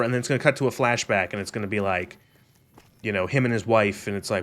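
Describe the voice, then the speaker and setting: A man's voice: medium pitch, fast, fairly bright tone. A young man on a gaming stream, rambling sarcastically with lots of swearing and laughter. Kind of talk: casual gaming stream commentary.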